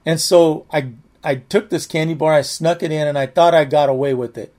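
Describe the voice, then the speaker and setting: A man's voice: on the high side, fairly even intonation, a little fast, darkish tone. A man preaching a sermon, telling a personal story in a rambling, conversational way with many restarts, often saying "man" and "amen".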